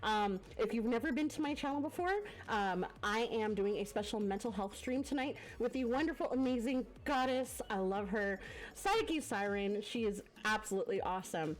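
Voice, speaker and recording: A woman's voice: medium pitch, normal speed. A woman streamer chatting to her live viewers, effusive and full of thanks, sounding congested from a cough, into a desk mic. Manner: effusive, gushing thanks to viewers with many fillers. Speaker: variety streamer hosting a guest. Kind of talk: casual live-stream chat. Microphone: desk microphone.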